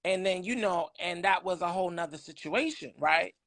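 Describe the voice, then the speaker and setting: A middle-aged man from New York City, a podcast guest telling candid personal stories in an animated, emphatic way. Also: sits high, normal speed, gravelly.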